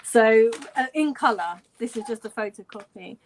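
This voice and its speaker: A forty-something fan from London, England, speaks at a moderate pace with a fairly high voice, telling a story over a video call. Her casual, animated retelling features quoted dialogue and frequent laughter.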